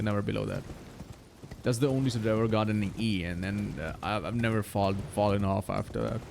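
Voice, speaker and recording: A man's voice: fairly low pitch, gravelly, darkish tone. A man in his twenties chatting casually while speedrunning a game, laughing often and swearing freely. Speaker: streamer. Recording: noisy background.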